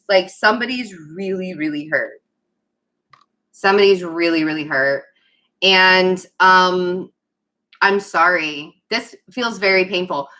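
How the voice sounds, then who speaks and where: A woman's voice: fairly low pitch, pushed and bright. A woman giving a casual tarot reading, rambling and giggling, often stopping to apologize. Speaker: tarot reader.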